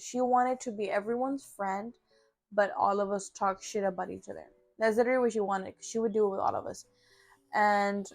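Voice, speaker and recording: A woman's voice: mid-range voice, no room sound. A young woman vlogger telling a work story in a blunt, profane, casual way, full of fillers.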